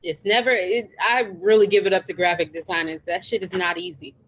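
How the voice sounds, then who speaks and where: A woman guest on a podcast, talking in a relaxed, frank and playful way. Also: fairly low pitch, a little fast, rough recording. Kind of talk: casual chat.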